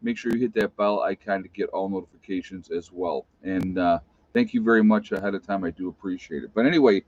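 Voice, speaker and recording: A man's voice: low voice, fairly quick, a little mellow, no room sound. A middle-aged man with an Appalachian American accent, hosting a casual live stream, rambling, losing his train of thought and reading chat aloud. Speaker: livestream host. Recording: dull, slightly lo-fi dry sound.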